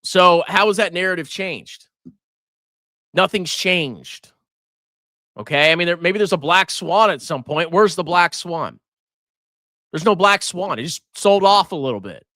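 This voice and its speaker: A man's voice: high voice, expressive, a little slow, long pauses, bright, forceful tone, no echo, clean studio sound. A man hosting a live finance stream, giving brash, mocking market commentary and laughing often. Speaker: finance livestream host.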